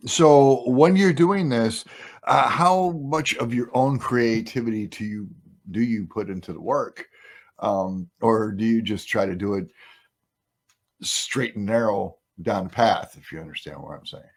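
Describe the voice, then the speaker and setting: Gravelly, husky-voiced male host. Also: fairly low pitch, measured pace. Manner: rambling, emphatic, trails off and restarts. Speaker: podcast host. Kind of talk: casual interview chat.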